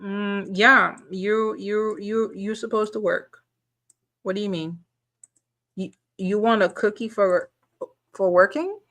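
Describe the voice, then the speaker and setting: A woman's voice: medium pitch, steady tone, slow pace, long pauses, a bit bright. A woman channel host giving reaction commentary, firing off incredulous rhetorical questions and repeating words as she gathers her point.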